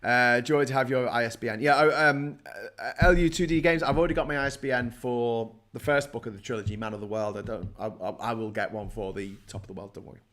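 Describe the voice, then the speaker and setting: A man's voice: medium pitch, steady tone, fairly quick, few pauses, fairly bright tone. A middle-aged man hosting a casual livestream from his desk, rambling, swearing and joking as he reads out viewer comments. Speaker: live show host.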